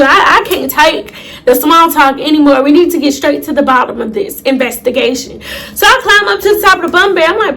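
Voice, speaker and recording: Young woman, high voice; casual, dramatic storyteller who talks straight to viewers. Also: fairly quick, gravelly. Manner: animated, profane, dramatic retelling with asides to viewers. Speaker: storytime YouTuber.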